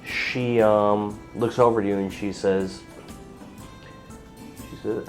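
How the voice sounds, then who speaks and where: A man's voice: on the low side, steady tone, takes it slowly, long pauses, soft background music, poor audio. A man narrating as game master of a tabletop role-play game, describing scenes in a rambling, descriptive way.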